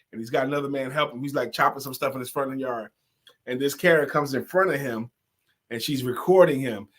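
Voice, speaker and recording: A man hosts a relaxed online talk show, reading viewer comments aloud during a casual live stream and reacting to them. His voice sits somewhat high for a man, and he's an animated storyteller who breaks into bits of song and laughs often.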